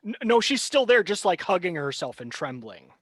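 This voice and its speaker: A man narrating a tabletop game as game master, brisk and relaxed, with fillers. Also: high voice, breathy edge, dry recording.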